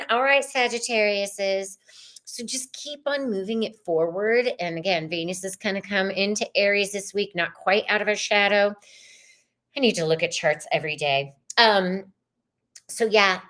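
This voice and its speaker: A woman's voice: lowish voice, a bit bright. A woman hosting a casual live tarot reading, chatty and rambling, greeting viewers by name.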